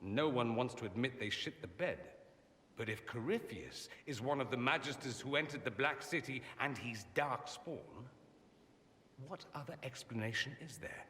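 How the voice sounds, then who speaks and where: A man's voice: medium pitch, expressive, moderate pace, big-room sound, a little hiss or hum. A vain, witty male mage. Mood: bitter. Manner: sardonic and theatrical, swinging from bright to grave. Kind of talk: video game voice acting.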